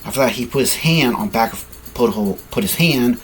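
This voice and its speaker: A man's voice: mid-range voice, lively intonation, moderate pace, a little hiss or hum. A man improvising a fan-fiction story, rambling, correcting himself and apologizing as he goes, sleepy and yawning.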